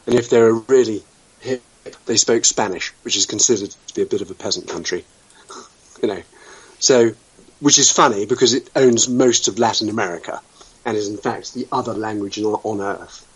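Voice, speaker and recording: Husky, wry British talk-radio host. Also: male voice, lowish voice, moderate pace, poor audio. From United Kingdom. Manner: wry, sweeping and blunt, with casual swearing. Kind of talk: opinionated talk-radio chat.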